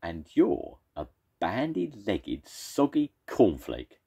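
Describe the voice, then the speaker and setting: An older man voicing a cheeky, squabbling male monster in a children's storybook, shouting taunts and names. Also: low-pitched, wildly swooping pitch, takes it slowly, breathy edge, heavily acted. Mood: taunting. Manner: shouting taunts, name-calling.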